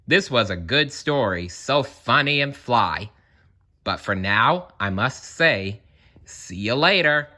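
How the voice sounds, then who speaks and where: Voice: medium pitch, lively intonation, slow pace, bright, forceful tone. A storyteller reading a rhyming children's story aloud in a sing-song manner.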